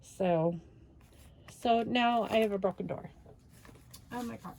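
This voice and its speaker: Slow-talking, higher-voiced woman venting casually. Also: darkish tone, a little hiss or hum, low-quality recording. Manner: venting, retelling with quoted back-and-forth; sighs and rueful laughs. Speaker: craft channel host. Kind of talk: casual voice-over while crafting.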